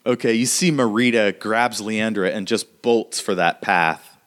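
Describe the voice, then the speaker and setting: A man runs a tabletop game as game master. He narrates casually and fills his talk with fillers. His voice sits somewhat low. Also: measured pace, a bit bright.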